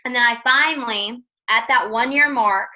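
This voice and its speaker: A woman tells her story over a video call, lively and chatty. She acts out bits of dialogue as she goes. Her voice is bright, sitting a touch high. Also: moderate pace, poor audio. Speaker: guest speaker.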